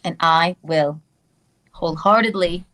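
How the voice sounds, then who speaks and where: A woman's voice: lowish voice, unhurried, a bit bright. A woman chatting casually on a livestream, cooing at a dog and thanking viewers. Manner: cooing, giggly, talks to a dog. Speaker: guest in a played livestream clip.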